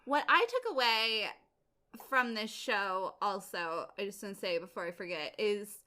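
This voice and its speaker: A woman co-hosting a podcast, chatting casually about a play and acting out the characters in quick, animated asides. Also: medium pitch. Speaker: podcast co-host. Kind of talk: casual theater discussion.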